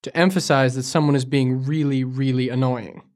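This mid-range male voice is slightly mellow, with fairly even intonation and a moderate pace. He co-hosts a language lesson podcast from a Beijing studio, playing the inquisitive learner who asks for examples.

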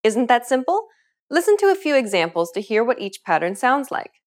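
A woman narrating a scripted language lesson, explaining clearly and upbeat, asking the learner questions. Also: fairly high pitch, very animated, fairly quick. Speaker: language teacher.

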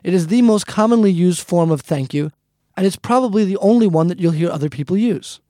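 A man's voice: high-pitched, animated, fairly quick, warm tone, no echo, clean studio sound. A man teaching a casual language lesson, friendly and repetitive, often calling the listeners "guys". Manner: friendly, repeats points, calls listeners "guys".

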